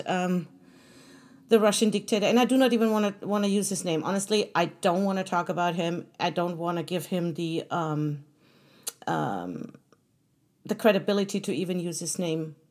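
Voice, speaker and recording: A woman's voice: lowish voice, a little mellow. A woman hosting her own podcast, talking earnestly and conversationally to listeners, with fillers and restarts. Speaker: podcast host. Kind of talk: solo podcast monologue.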